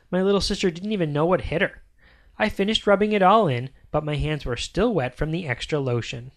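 A reader narrating a children's story aloud in an expressive, sing-song way. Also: mid-range voice.

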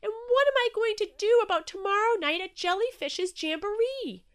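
A woman's voice: a little high, big pitch swings, moderate pace. Woman voicing a fretful little octopus. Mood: tearful. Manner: fretful, repeating himself. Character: anxious young male octopus. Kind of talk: storybook reading.

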